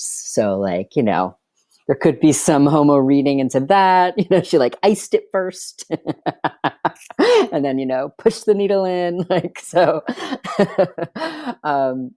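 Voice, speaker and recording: Wry, chatty middle-aged man, dark voice. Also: medium pitch, no room sound, studio quality. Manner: wry, chatty, heavy on filler words. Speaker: guest filmmaker. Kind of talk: candid personal storytelling.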